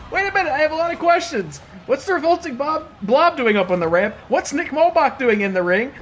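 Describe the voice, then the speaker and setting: A man streaming and commentating a wrestling video game, excitable and laughing, with casual swearing and playful trash talk. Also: very high voice, brisk, slight background noise. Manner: excitable, laughing, bursts of disbelief.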